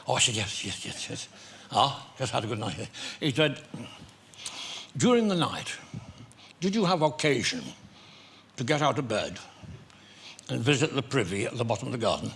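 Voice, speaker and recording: A man's voice: medium pitch, normal speed, long pauses, a little hiss or hum. An older man with a Liverpool accent, a comedian telling jokey anecdotes as a chat show guest, laughing and slipping into voices. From England. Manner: jokey, animated, breaks into laughter, does voices in his stories.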